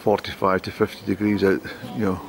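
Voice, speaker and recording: Walking narrow town streets with a handheld camera, the travel vlogger chats in a rambling narration, speaking a little fast. His voice is low, creaky, and level in tone, over street noise and passing traffic.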